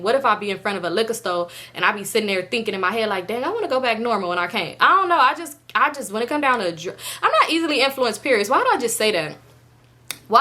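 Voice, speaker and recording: A young woman telling a casual storytime, animated and acting out what people said. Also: on the high side. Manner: animated, acts out quoted dialogue in her own voice. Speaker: storytime vlogger.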